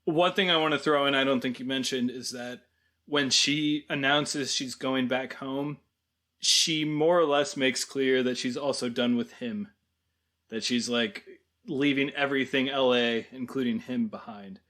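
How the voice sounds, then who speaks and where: A man co-hosting a film podcast, adding points and gently pushing back in casual chat. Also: medium pitch, fairly even intonation. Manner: measured, adds points and gently pushes back. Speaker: podcast co-host.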